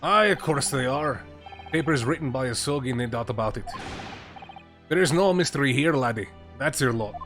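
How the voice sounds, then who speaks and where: A man voicing a blunt, gruff male prison governor with a Scottish accent, reading a game's lines over game music. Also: mid-range voice, expressive, moderate pace, a bit bright, natural voice. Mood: stern. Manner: brusque, dialect-heavy delivery.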